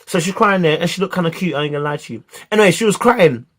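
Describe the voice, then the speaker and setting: A man telling a school story in a casual, animated way, heavy on slang. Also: fairly high pitch, racing.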